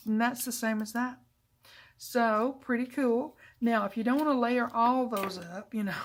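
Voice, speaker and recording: A middle-aged woman hosting a casual crafting tutorial, chatty and self-deprecating, with frequent asides as she works. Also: fairly high pitch. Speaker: papercraft channel host.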